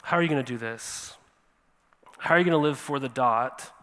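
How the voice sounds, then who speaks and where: A man preaching a sermon as pastor, animated and often checking in with his listeners. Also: medium pitch, moderate pace, big-room sound. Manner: animated, repeats "right?" to the congregation. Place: church sanctuary.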